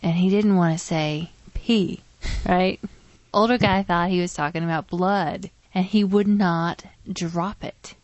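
A pregnant woman co-hosting a casual podcast, telling stories with lively animation. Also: on the low side, a little slow, no room sound, lo-fi sound. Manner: animated storyteller. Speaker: podcast co-host. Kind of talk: casual chat.

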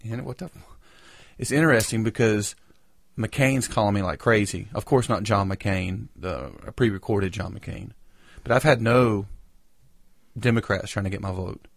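A man's voice: lowish voice, unhurried, gravelly, no room sound, studio quality. A man co-hosting a podcast, chatting casually and telling rambling, joking stories. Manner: rambling, joking, animated storytelling. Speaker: podcast co-host. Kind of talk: casual chat.

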